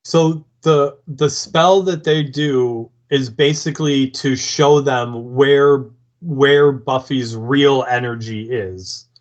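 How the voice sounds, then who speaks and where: A man co-hosting a podcast, casually recapping a TV episode in a slow, filler-heavy way. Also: mid-range voice, highs cut off. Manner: slow, filler-heavy retelling with acted quotes. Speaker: podcast co-host.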